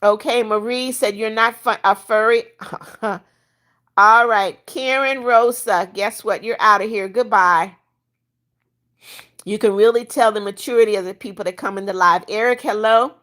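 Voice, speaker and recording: A woman's voice: mid-range voice, moderate pace, a bit bright. An older woman hosting a casual livestream, reading viewer comments aloud and bluntly kicking out troublemakers. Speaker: livestream host reading chat.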